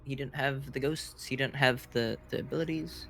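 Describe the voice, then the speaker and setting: A man casting a live video game match in a soft-spoken, relaxed and playful way. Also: medium pitch, moderate pace, gravelly, slight background noise. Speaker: esports caster.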